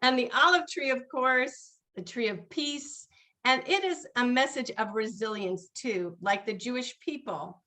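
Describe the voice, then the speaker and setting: A woman's voice: on the high side, pushed and bright. A woman rabbi leading a seder over a video call, chatty and laughing often, chanting Hebrew blessings.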